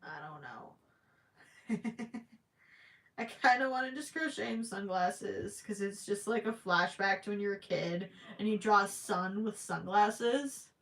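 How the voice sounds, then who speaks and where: A woman with a medium-pitched, fairly bright voice takes it slowly as she hosts a crochet live stream. Casual and thinking aloud, she stammers and restarts, her voice cracking after hours of chatting.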